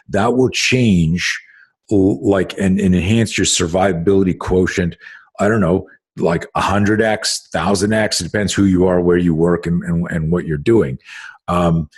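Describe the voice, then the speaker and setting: Man, podcast host, very low voice, husky, emphatic, swears freely, keeps restarting sentences. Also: darkish tone. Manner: emphatic and profane, with frequent restarts. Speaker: host and self-defense instructor. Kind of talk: casual podcast conversation.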